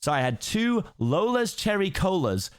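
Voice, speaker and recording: A man's voice: sits high, big pitch swings, normal speed. A tipsy young British man chatting on a live stream in a rambling, giggly way. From Britain. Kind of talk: casual chat on a live stream.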